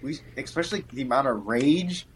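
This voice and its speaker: A young man co-hosting a podcast in casual chat, animated and slangy. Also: medium pitch, brisk, a little hiss or hum. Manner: animated, slangy, does silly voices in stories. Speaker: podcast co-host.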